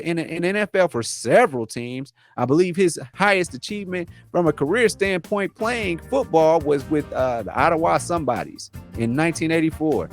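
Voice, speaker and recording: A high-pitched man with a bouncing, animated delivery hosts a casual news chat. He talks in a relaxed way, circling back over his own words. A soft bed of music plays under him. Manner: laid-back, repeats words, says man a lot. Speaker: podcast co-host.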